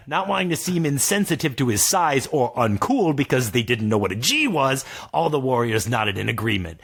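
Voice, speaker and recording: A man narrating a comic fantasy story as a guest storyteller, lively and amused. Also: medium pitch, moderate pace, creaky, hardly any pauses, breathy edge.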